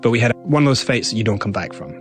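A man's voice: medium pitch, animated, very fast, faint music behind. A man, a guest in an interview, recounting events animatedly and acting out other people's lines. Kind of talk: interview storytelling.

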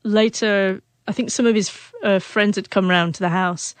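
A woman's voice: mid-range voice, steady tone, normal speed, clear, resonant tone, no room sound. Woman in her 40s, stuttery, catching on first sounds, dry close sound. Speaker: author and guest. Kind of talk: emotional interview storytelling.

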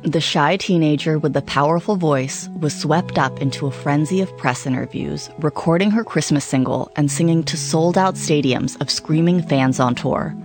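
A woman narrating a documentary-style podcast in a measured, steady way. Soft music plays behind her voice. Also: low voice. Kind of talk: scripted narration and interview questions.

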